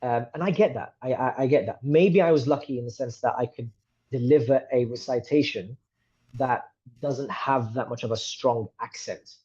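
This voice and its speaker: A British man from the United Kingdom, appearing as a guest and reciter, chats candidly in a casual interview conversation, wandering and self-deprecating. His husky, mid-range voice is a little mellow at a moderate pace, captured on a podcast microphone with a muffled sound.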